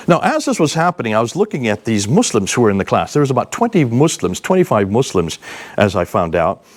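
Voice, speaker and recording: A man in his sixties giving a seminar talk, telling lively, emphatic anecdotes to a live audience. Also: medium pitch. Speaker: seminar speaker. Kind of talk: animated storytelling lecture.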